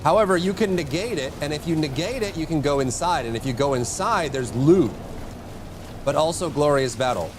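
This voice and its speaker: A man narrating his live game stream in a lively voice that leaps up high when he yells, then drops low to muse. Rain noise sits clearly behind him. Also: brisk. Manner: excitable, jumps to high yelps and mock insults at enemies. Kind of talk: live gameplay commentary.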